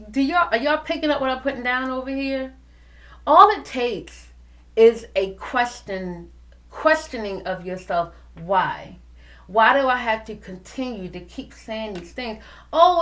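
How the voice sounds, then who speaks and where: Woman host, forties, lively and preachy, talks straight to the listener. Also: a little high. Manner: animated, preachy, addresses listeners as y'all. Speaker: podcast host. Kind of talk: casual motivational talk.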